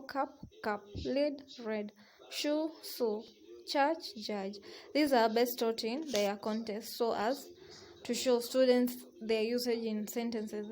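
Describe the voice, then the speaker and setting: A woman lecturer reading a recorded lesson in a measured way, listing examples one by one with small restarts. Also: a little high, darkish tone, low-quality recording.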